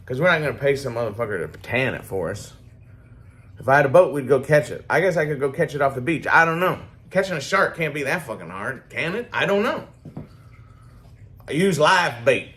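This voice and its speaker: A man's voice: mid-range voice, animated, brisk, a bit bright. Rambling, profane man in a workshop. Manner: rambling, profane, laid-back. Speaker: hobby swordsmith vlogger. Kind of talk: casual workshop talk.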